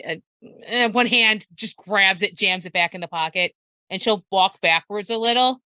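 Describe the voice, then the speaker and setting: Bright, hesitant woman player. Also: mid-range voice, normal speed, no room sound. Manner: hesitant, lots of fillers and restarts, laughing easily. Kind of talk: in-character tabletop role-play.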